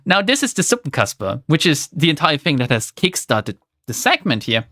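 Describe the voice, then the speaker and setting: Young woman streamer reading to chat, swears a lot, super animated voice, dry sound. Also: low voice, normal speed, no room sound. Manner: sardonic, swears freely, laughing commentary.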